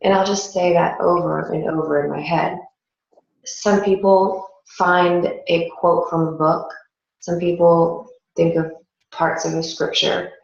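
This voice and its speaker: A woman teaching a yoga and meditation class, talking listeners through the steps calmly and gently. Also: lowish voice, vocal fry. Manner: calm, gentle guiding instructions with a slow pace. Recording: echoey, dull lo-fi room recording.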